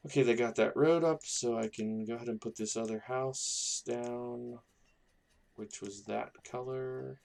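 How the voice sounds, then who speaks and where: A man's voice: medium pitch, fairly even intonation, a little slow, vocal fry, darkish tone, a little hiss or hum. A man casually commenting on his own gameplay, rambling and thinking aloud as he builds a town. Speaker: gaming YouTuber.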